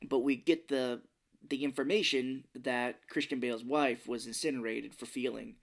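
A man co-hosting a podcast, casually recapping a movie, laughing often and acting out lines in a gruff whisper. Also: mid-range voice, steady tone, normal speed. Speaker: podcast co-host.

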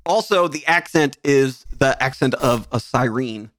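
A man co-hosting a casual podcast, talking in animated banter, swearing freely and dropping into quick mock voices. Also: mid-range voice. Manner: animated, swears often, mimics voices for jokes. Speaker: podcast co-host.

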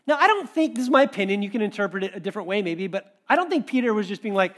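A man with a notably high-pitched voice delivers a sermon. He talks in a relaxed, conversational way, often breaking into lively quoted asides. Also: very fast, hardly any pauses. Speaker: pastor.

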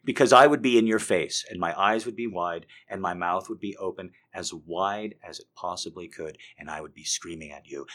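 Intense, low-voiced man confessing. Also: normal speed, hardly any pauses. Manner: intense, emphatic, swings from hushed to loud. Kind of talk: confessional monologue.

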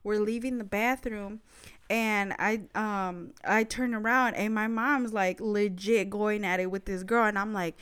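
A woman's voice: mid-range voice, fairly even intonation, a little slow, fairly bright tone, clear, resonant tone. A woman telling a story in casual conversation, chatty and blunt, with frequent swearing. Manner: chatty and profane, speaks bluntly.

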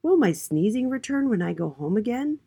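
A woman's voice: lowish voice, big pitch swings, moderate pace, mellow, husky, voice pushed up. A woman voicing Miss A, a polite young letter girl in a children's storybook.

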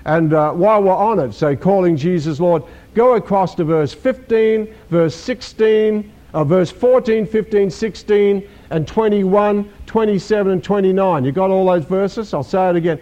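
Preaching with emphasis, an older man dramatizes the scripture he cites and keeps returning to key words. His dark-toned voice sits high and moves at a moderate pace with few pauses, and the recording is dull and lo-fi.

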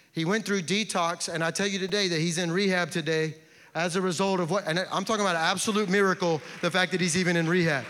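A pastor delivers an impassioned sermon in a high, bright male voice. He builds through repeated refrains, and the sound rings out with a long reverb from a large church sanctuary.

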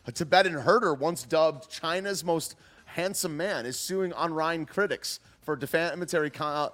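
A man's voice: fairly high pitch, moderate pace, a bit bright, faint music behind. A young man hosting a livestream, chatting casually about the news, joking and laughing often in slangy talk. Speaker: livestream host.

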